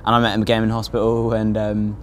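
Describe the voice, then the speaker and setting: Talking fast and completely flat in a lowish voice, a young man tells the story of his own psychosis for a documentary, swearing and using fillers often. A slight hiss or hum is audible.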